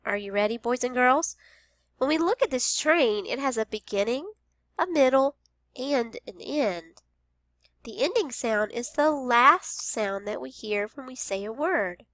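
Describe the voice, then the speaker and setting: A woman teaching a phonics lesson to young children, speaking slowly and sounding out each word with care. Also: high voice, lively intonation, a bit bright, no echo, studio quality. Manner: slow, careful, over-enunciated.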